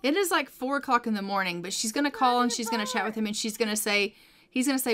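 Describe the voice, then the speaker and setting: A woman's voice: on the high side, fast, a bit bright. A woman hosting a game channel, narrating life-sim gameplay in a chatty, story-telling way. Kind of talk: let's play narration.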